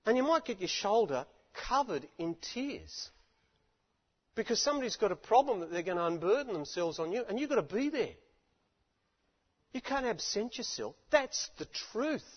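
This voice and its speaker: Speaking at an ordinary pace, this male preacher has a high, slightly rough voice and is very animated as he preaches passionately from a stage mic. He keeps turning to his audience with rhetorical appeals, captured in a dull, lo-fi recording with lengthy hall reverb.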